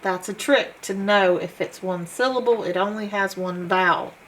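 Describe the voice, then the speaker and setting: A woman teaching a phonics lesson, sounding out letters one by one in a slow, patient way. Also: medium pitch, a bit bright, a little hiss or hum, poor audio. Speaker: homeschool teacher.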